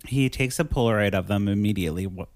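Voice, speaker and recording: A man's voice: on the low side, fast talker, a little hiss or hum. A man in casual chat, retelling a movie plot with lots of acted-out quotes. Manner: animated storytelling with acted quotes. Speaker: podcast co-host.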